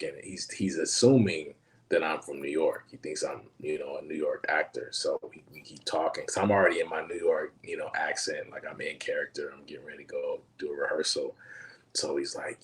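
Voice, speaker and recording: A man who is an actor, telling animated anecdotes on a casual panel, laughing and acting out quotes. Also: very deep voice, brisk. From Los Angeles. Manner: frequent fillers, laughs while telling stories.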